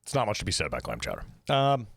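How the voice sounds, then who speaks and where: A man's voice: wildly swooping pitch, very fast, vocal fry, faint music behind. A young man hosting a casual food show, rambling and swearing freely as he reads out a list. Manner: rambling, loose and profane, big jumps in pitch on words read out. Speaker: host. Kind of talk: casual chat.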